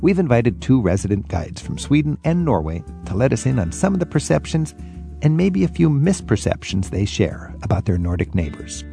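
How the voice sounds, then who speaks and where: A man's voice: medium pitch, normal speed, vocal fry, soft background music. A man hosting a travel talk show and questioning his guests in a chatty way. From United States. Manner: chatty, leading questions with lively asides. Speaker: host.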